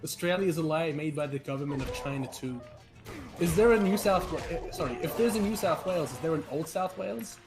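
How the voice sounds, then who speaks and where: Young guy rambling on a stream, kinda high voice, tripping over his words, game music loud behind. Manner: rambling, self-deprecating, halting restarts. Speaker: stream co-host. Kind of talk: casual chat.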